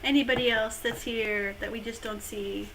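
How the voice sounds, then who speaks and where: A woman's voice: a little high, steady tone, moderate pace, heavy background noise. A woman hosting a casual live-stream chat, playful and teasing with her co-host.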